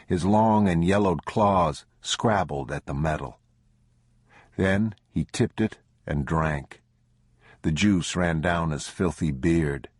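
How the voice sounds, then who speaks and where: A man narrates a bleak survival audiobook with a measured, grim delivery. His voice is deep and husky, and the close, dry recording keeps it intimate. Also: darkish tone, no room sound. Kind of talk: scripted narration.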